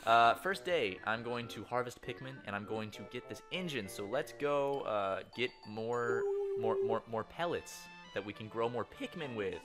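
A man's voice: medium pitch, expressive, moderate pace, hardly any pauses, over music. A young man giving casual commentary while playing a video game, explaining steps in a breezy way.

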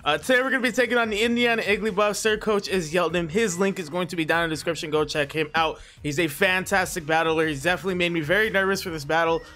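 A young man hosting his own channel, commentating a competitive battle game in a casual, excitable and nervous way, laughing often and tripping over words. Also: high-pitched, fast, few pauses. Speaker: Pokemon battle league competitor and channel host. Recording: faint background music.

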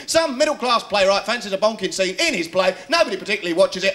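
A man's voice: sits high, bright, forceful tone. A man hosting a TV show and doing a ranting stand-up monologue full of rhetorical questions. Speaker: stand-up comedian host. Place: television studio with audience.

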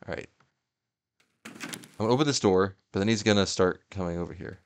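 A man's voice: sits low, a little fast, clean tone. A young man giving casual gameplay commentary, talking to the game and yelping and laughing at what happens. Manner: excitable, yelps and laughs at the game. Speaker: gaming YouTuber.

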